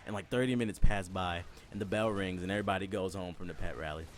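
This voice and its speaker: A man's voice: sits low, fairly even intonation, fast talker, slight background noise. A young man telling a comedic, profane story from his school days, laughing often and acting out other people's voices.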